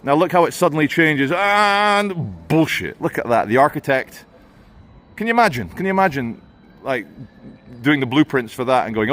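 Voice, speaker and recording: A man with a British English accent doing a walking vlog outdoors on a town high street, ranting sardonically with wry asides. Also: sing-song, normal speed, a bit bright. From England. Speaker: vlogger.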